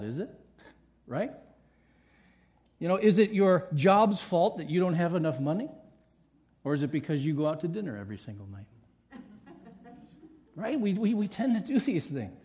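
A man's voice: on the high side, big pitch swings, normal speed, long pauses, darkish tone, slightly rough. A middle-aged male pastor preaching a sermon with emphatic repetition and playful asides.

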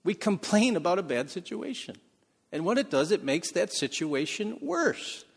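A male pastor with a husky, slightly breathy voice preaches in a conversational way, often chuckling and shifting between quiet, intimate lines and louder bursts. His voice carries a long reverb, as if filling a large church sanctuary. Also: high voice, sing-song, moderate pace. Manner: conversational preaching with frequent laughs, swings from soft to loud. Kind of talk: sermon.

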